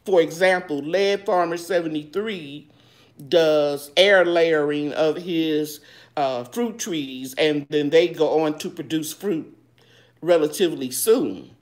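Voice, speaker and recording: Low-pitched and slow, this woman hosts a live gardening chat, reading out viewers' questions. Her answers are homey and loose, full of fillers and restarts, and she calls people baby.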